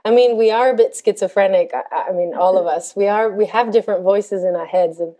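Woman life coach, mellow and warm, calm and gentle delivery, explaining ideas in a reflective podcast chat. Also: mid-range voice, a little fast, low-quality recording.

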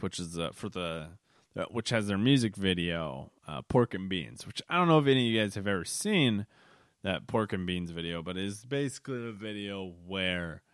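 A man's voice: low-pitched, clean tone, dry recording, studio quality. A young man hosting a podcast, telling a rambling, casual story with fillers and restarts, recorded late at night. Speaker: podcast host. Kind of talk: casual solo podcast monologue.

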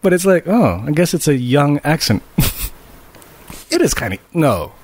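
A man's voice: on the high side, big pitch swings, unhurried. A man in casual group chat, musing aloud and cracking jokes.

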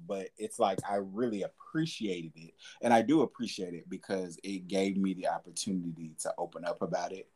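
A man's voice: low-pitched, moderate pace, few pauses, darkish tone, breathy edge. A young man hosting a podcast, talking candidly and conversationally about hard times, with fillers and repeated words. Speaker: podcast host. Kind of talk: reflective podcast monologue.

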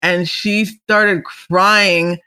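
A woman's voice: medium pitch, steady tone, very slow, bright, forceful tone, clean tone. A young woman hosting a solo talk show, chatting casually and rambling with frequent restarts and laughter. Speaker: solo podcast host. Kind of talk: casual chat.

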